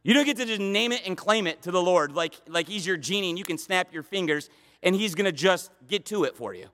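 A man's voice: sits high, expressive, brisk, bright, forceful tone. Impassioned man preaching in a reverberant hall. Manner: impassioned, repeats words, pleading emphasis. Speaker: pastor. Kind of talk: sermon.

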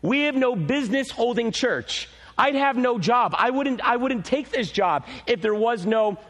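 A man preaching a sermon as pastor, telling a story with animated energy. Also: very high voice, measured pace. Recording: long hall reverb.

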